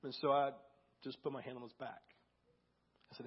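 A man's voice: medium pitch, level tone, moderate pace, long pauses, husky, highs cut off. A man preaching a conversational sermon, telling a story and acting out quotes, a little sick that day. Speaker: pastor.

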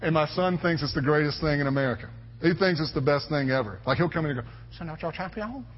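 A man's voice: a little high, slight background noise. A man in his thirties preaching a sermon as a pastor, emphatic and conversational, repeating his phrases for weight. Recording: echoey hall, dull lo-fi sound.

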